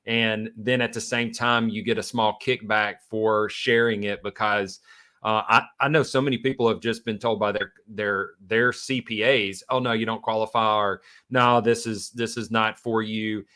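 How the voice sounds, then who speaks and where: A man's voice: lowish voice, little pitch movement, moderate pace, pushed and bright. A man hosting a casual interview who talks in an enthusiastic, affirming way. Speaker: podcast host.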